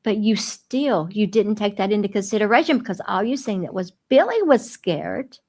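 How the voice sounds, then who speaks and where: A woman's voice: medium pitch, animated, normal speed, darkish tone. A woman hosting a children's radio show as a dog trainer, speaking in a soothing, coaxing way, like a teacher talking to kids.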